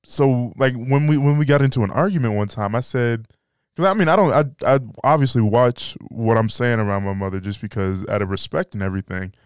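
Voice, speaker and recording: A man's voice: mid-range voice, fairly quick, clear, resonant tone, no echo, clean studio sound. A young man hosting a podcast, chatting casually and joking in a laid-back way. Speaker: podcast host. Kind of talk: casual chat.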